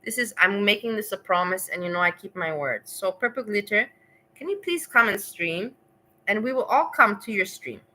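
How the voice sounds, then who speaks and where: Chatty livestreaming woman, bright voice. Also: mid-range voice, animated, moderate pace, a little hiss or hum, rough recording. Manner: rambling, laughs often, talks back to chat. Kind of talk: casual livestream chat to viewers.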